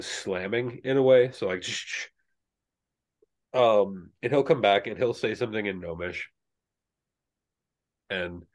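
A man narrating as game master of a tabletop game, rambling with lots of fillers. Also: fairly low pitch.

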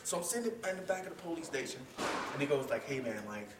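A man's voice: a little high, lively intonation, rapid-fire, reverberant, far from the mic, heavy background noise. A man telling a story in casual talk, acting out the voices of the people in it, laughing often and swearing freely. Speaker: podcast guest, combat sports fighter.

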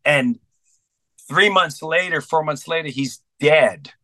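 A man's voice: on the high side, slow pace, sharp tone, no echo. A middle-aged comedian telling a story as a guest in an interview, earnest and intense, acting out both sides of each conversation he recalls.

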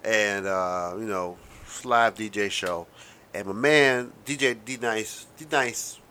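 A man in his thirties riffs through a casual solo monologue, talking fast with wry, profane asides. His voice sits a little low yet sounds bright and forward. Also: a little hiss or hum. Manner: self-described fast talker. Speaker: podcast host.

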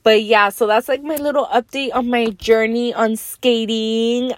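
A young woman vlogger telling a story in a casual, animated way, lots of fillers and swearing. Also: fairly high pitch, measured pace, few pauses, no echo.

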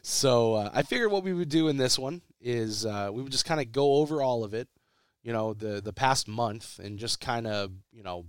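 A man's voice: mid-range voice, lively intonation, normal speed, smooth, dry recording, clean studio sound. A man, hosting a casual sports podcast while sick, with a congested voice and a rambling way of repeating himself as he restarts. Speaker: podcast host.

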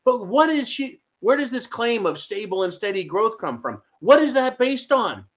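Male host, fairly high voice, mocking and combative, ranting political commentary. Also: big pitch swings, normal speed. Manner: sarcastic, mocking, shouty rants with audience asides.

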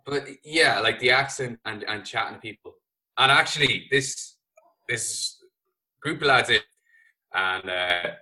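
A man's voice: fairly low pitch, pushed and bright, poor audio. A young Irish man talking casually as a podcast guest, rambling with lots of fillers and swearing. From Ireland. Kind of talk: casual chat.

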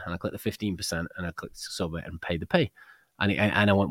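A British man talking fast and chatty on a podcast, his voice sitting on the low side. He rambles through stories, stumbles over restarts and acts out the people in them. The sound is dry and close to the mic. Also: no room sound. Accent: British English. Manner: rambling storyteller, many restarts and animated quoted dialogue. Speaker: podcast co-host. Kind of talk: casual chat about a book.

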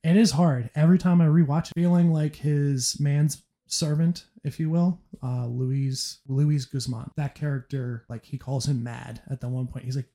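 Mellow-voiced man chatting animatedly about films. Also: a little high, fairly quick, few pauses. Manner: animated, laughing retellings. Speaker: podcast host. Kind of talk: casual chat about movies.

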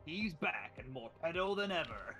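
Animated man recounting his tabletop campaign. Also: on the high side, normal speed, over music. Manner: animated, laughing while recounting game plot. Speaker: podcast guest, game master. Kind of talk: casual storytelling chat.

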